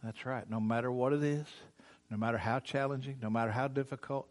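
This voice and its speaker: An older man preaching a sermon, folksy and teasing, moving between quiet asides and loud preaching. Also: medium pitch, steady tone, a little fast. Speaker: pastor.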